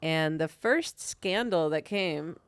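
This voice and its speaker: A woman co-hosting a casual TV talk podcast, chatty and quick to laugh. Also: low-pitched, animated, clear, resonant tone, no room sound, clean studio sound. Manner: giggly, chatty, laughs often. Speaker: podcast co-host. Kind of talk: casual chat.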